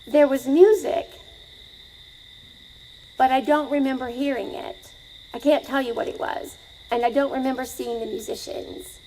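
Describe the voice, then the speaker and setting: A woman's voice: high-pitched, unhurried, pauses often, warm tone, a little hiss or hum, poor audio. A middle-aged woman telling a story live to an audience, conversational and asking them questions.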